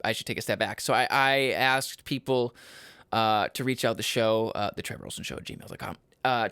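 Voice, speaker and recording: A young man from Michigan's Upper Peninsula hosting his own podcast, rambling and cutting himself off, laughing at his own jokes and breaking into loud yells. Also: mid-range voice, no room sound. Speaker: podcast host. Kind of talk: casual solo podcast chat.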